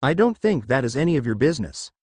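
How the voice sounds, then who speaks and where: A man's voice: mid-range voice, sing-song, quick pace, slightly rough, no echo. A man voicing a brash, hot-headed teenage boy ninja in a read-aloud fan story. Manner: brash and shouty.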